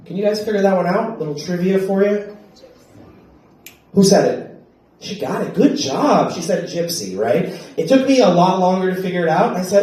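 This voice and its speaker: A stand-up comedian from Wyoming works a club crowd, his voice pitched high and punchy, with bursts where he shouts. He sounds a bit off-mic, and the club room rings with heavy echo around him. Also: expressive, a little fast, far from the mic, slight background noise. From Wyoming, USA. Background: audience laughter.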